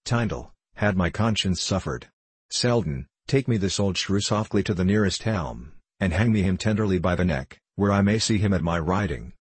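A man reads as a scheming medieval knight, cool and mocking, lordly in his archaic speech. The voice sits very low and a little husky. It is recorded close and dry. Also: no echo.

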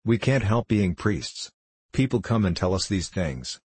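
A gentle, vague little priest who explains things slowly and simply, with an apologetic air, as a man reads him. The voice is low and husky, recorded dry and close. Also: animated, dry recording, exaggerated voice. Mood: mild. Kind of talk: audiobook character reading.

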